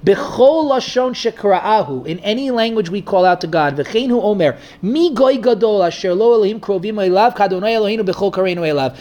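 A man leads a relaxed study class in a conversational voice. He thinks aloud, often restarting phrases and adding fillers as he explains. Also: sits high. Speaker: Torah teacher. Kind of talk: informal text study class.

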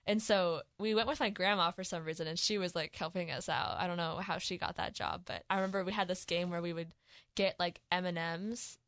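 A woman's voice: on the low side, steady tone, fairly quick, fairly bright tone, no room sound, studio quality. A teenage girl co-hosting a student radio talk show, chatting in a rambling way and laughing often. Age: teens. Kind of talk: casual chat.

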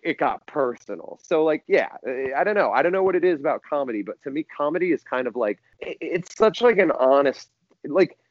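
A man telling a long story as a podcast guest, rambling and animated, with many restarts and fillers. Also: on the high side, fairly quick, dry recording, highs cut off. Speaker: musician guest.

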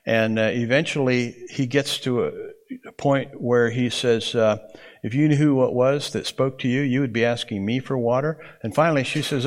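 A man's voice: medium pitch, steady tone, a little fast. A man teaching a Bible interpretation class, explaining in a folksy way and often checking in with the room. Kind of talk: classroom lecture.

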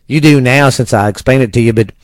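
A man's voice: mid-range voice, fast, dry recording, clean studio sound. A man from Texas hosting a casual family podcast, easygoing and rambling, cursing now and then. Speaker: podcast host.

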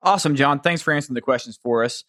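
Southern male podcast host, mid pitch, dry close mic, friendly question reader. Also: racing, fairly bright tone, dry recording. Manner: friendly, reads listener questions aloud. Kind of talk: casual podcast hosting.

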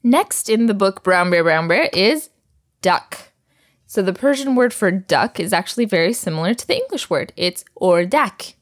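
A woman's voice: medium pitch, expressive, moderate pace. A woman teaching a recorded language lesson, patiently drilling words and laughing often.

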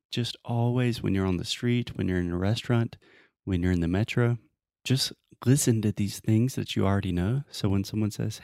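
A man's voice: lowish voice, moderate pace, gravelly, a little mellow, dry recording, clean studio sound. A young American man with a Southern accent, hosting a casual chat and giving step-by-step advice. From United States. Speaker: host.

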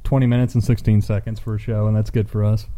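A man's voice: on the low side, level tone, fast talker, background noise. A man co-hosting a casual podcast, defending himself in playful banter. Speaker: podcast co-host. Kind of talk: casual chat.

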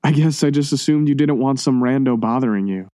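A man's voice: mid-range voice, fairly quick, dark tone, dry recording, clean studio sound, natural voice. A man reading a story aloud, voicing a timid, hesitant young actor. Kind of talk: audiobook reading.

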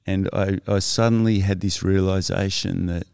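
A middle-aged man, a podcast guest telling his personal story in a reflective, halting way with many restarts. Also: low-pitched, steady tone, vocal fry, darkish tone, smooth, dry recording, studio quality. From Australia.

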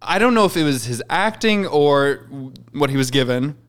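Smooth-voiced wry man co-host. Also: mid-range voice, expressive, moderate pace, a bit bright. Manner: wry, playful quips. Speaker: podcast co-host. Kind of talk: casual chat.

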